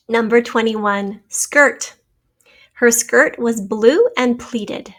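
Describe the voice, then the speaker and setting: A woman's voice: on the high side, slow pace, fairly bright tone. Patient woman teacher spelling out words. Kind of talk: giving a spelling test and answer key.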